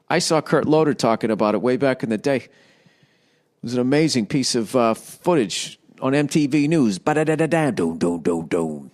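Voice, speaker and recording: A middle-aged man rants through a profane, wandering comedic monologue, talking close to a studio microphone at home. His voice sits a bit higher than most men's, and he keeps breaking into silly voices. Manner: profane, rambling, quick to jump into silly voices. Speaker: podcast host. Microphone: studio microphone with windscreen.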